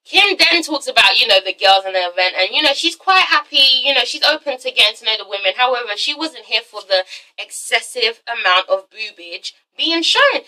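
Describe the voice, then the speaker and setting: A woman's voice: fairly high pitch, expressive, a little fast, sharp tone, far from the mic, poor audio. A young woman giving a blunt, swear-filled casual commentary review, often tagging her points with "okay?". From England. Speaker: reality TV reviewer.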